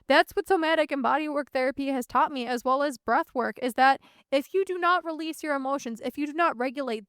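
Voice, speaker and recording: A woman's voice: sits high, no room sound, studio quality. A woman in her thirties hosting a reflective solo podcast, talking candidly and earnestly and swearing casually. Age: 30s. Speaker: podcast host.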